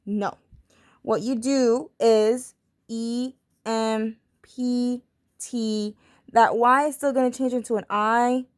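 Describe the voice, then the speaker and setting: A young woman teaching a recorded spelling lesson to third graders, playful and self-mocking, spelling words out slowly letter by letter. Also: on the high side.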